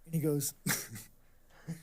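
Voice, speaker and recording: A man's voice: fairly high pitch, extremely slow, husky. Profane rambling man telling stories. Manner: heavy swearing, rambling with many restarts. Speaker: interview guest. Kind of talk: casual storytelling.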